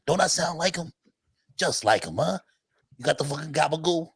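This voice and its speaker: A man's voice: on the high side, lively intonation, racing, dark tone, no room sound, clean studio sound, full character voice. A man putting on a brash Italian-American uncle. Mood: mocking. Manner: gruff, bossy, mock-Italian slang. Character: loud Italian-American uncle, male, middle-aged, brash.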